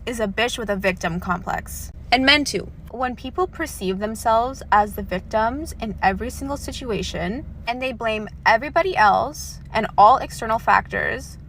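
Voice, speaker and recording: A woman's voice: a little high, moderate pace, few pauses, a bit bright, slight background noise. A woman ranting bluntly and with exasperation in a casual talk to camera.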